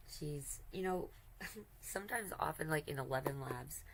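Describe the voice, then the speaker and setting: A woman's voice: deep voice, animated, slow, noisy background. A woman streamer chatting casually while she draws, rambling and giggly, affectionate, often breaking off mid-sentence. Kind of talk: casual chat while drawing.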